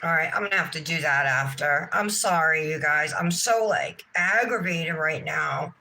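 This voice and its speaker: Woman, nail livestream host, bright and sharp tone, frazzled and venting to chat. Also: low-pitched, moderate pace, creaky, poor audio. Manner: exasperated, talks to herself and the chat. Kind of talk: casual livestream chat to viewers.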